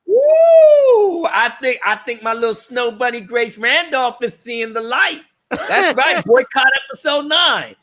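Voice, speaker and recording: A man hosting a livestream, ranting loudly in slangy casual commentary, often laughing and restarting his words. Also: very high-pitched, measured pace. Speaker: livestream host.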